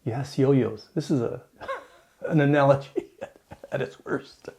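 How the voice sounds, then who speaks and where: A man's voice: mid-range voice, slow pace, vocal fry. A man hosting his channel, giving a casual, rambling opinion talk with jokes and asides. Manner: animated, joking, rambling with asides. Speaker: channel host.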